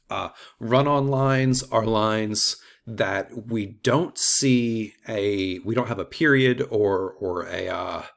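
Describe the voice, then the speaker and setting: A man's voice: on the low side, gravelly. A man teaching an unscripted mini lecture, talking loosely with many fillers and restarts.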